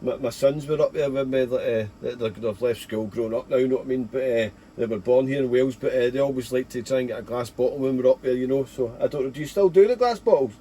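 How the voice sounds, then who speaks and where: A chatty Scottish man in his forties, talking casually into a ham radio mic at his home station. His voice is mellow and dark, with faint noise hanging behind it. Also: medium pitch, quick pace, few pauses. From Scotland. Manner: chatty, folksy, leans on 'there' and 'mate'. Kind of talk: casual radio contact chat. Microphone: radio transceiver mic.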